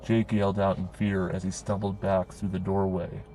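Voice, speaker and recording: A man narrating a horror story in a grim, steady storytelling manner. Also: low voice, moderate pace, faint music behind, poor audio.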